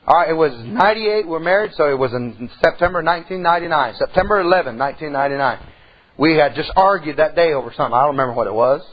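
A middle-aged man, preaching a folksy sermon that swings between loud outbursts and hushed tones. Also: fairly high pitch, lively intonation, quick pace, husky, muffled recording. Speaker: pastor.

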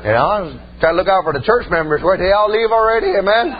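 A man with a high, expressive voice preaches a sermon fast, telling stories from his ministry. He's emphatic and folksy, punctuating his points with repeated amens. The audio is dull, with slight background noise.

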